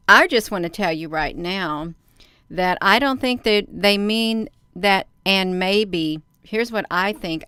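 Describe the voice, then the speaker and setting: A woman's voice: mid-range voice, fairly bright tone, clean tone, no echo, clean studio sound. A woman hosting a casual livestream, chatting with viewers and commenting on a news article she reads aloud, laughing often and calling her audience "you all," recorded on a phone. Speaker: livestream host.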